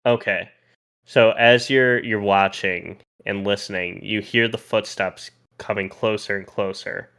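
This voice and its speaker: A man's voice: fairly low pitch, steady tone, measured pace, a bit bright, clear, resonant tone. A man narrating a tabletop role-playing game as game master, in a casual, loose way that thinks aloud.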